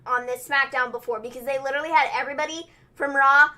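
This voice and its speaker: A young woman hosting a casual wrestling recap livestream, animated and chatty, laughing easily. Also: high-pitched, quick pace, over a noisy crowd. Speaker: host.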